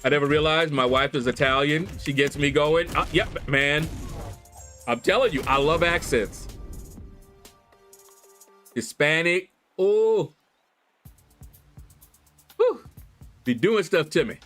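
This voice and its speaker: Animated male streamer, chatty and laughing. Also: on the high side, a little slow, pauses often. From Kentucky. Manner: animated storyteller, laughs, squeals in mock voices. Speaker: livestream host. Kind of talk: casual chat with viewers. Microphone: desk USB microphone. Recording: faint background music.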